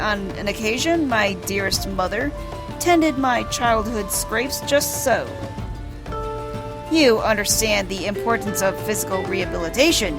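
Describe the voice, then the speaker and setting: A woman voicing a pompous, theatrical male gentleman adventurer from a video game, grandiose and melodramatic. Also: on the high side. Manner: grandiose, melodramatic, overblown delivery.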